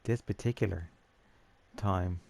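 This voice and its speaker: A man's voice: sits low, slow, vocal fry, darkish tone. A young Irish man telling a story in a rambling, chatty way with swearing, over a game. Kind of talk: casual storytelling over gameplay.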